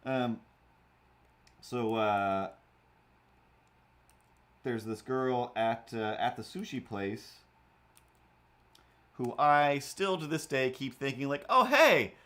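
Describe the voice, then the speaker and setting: A man's voice: mid-range voice, takes it slowly, long pauses, clear, resonant tone. A man in his forties casually telling an anecdote on a livestream, acting out voices as he goes. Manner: animated, acts out voices in anecdotes. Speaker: livestream host.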